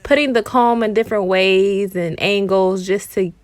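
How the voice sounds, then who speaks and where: A woman's voice: mid-range voice, steady tone, normal speed, darkish tone, no echo. A woman, a mother and hair vlogger, narrating a home haircut in a casual, explanatory voice-over full of ums and likes.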